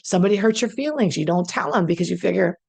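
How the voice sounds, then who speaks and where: A woman addiction consultant talking conversationally to her audience, often clearing her throat, her voice a little croaky. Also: on the low side, lively intonation, fast talker, darkish tone. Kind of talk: solo talk to camera.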